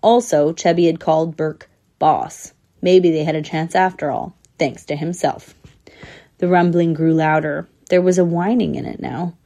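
A woman's voice: low voice, normal speed. A woman narrating a storybook, giving each character its own voice. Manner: lively, voicing each squirrel.

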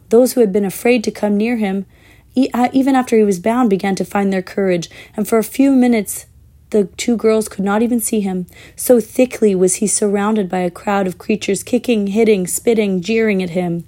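A woman reading a children's fantasy book aloud in a measured, expressive way, with the odd slip. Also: mid-range voice. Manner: measured, expressive, with small slips. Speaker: storyteller.

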